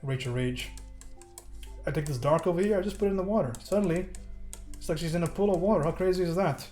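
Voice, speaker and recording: He's an American streamer with a highish, mellow voice and a quick pace, giving an informal digital painting lesson. Faint background music plays while he jokes and talks to chat as he paints.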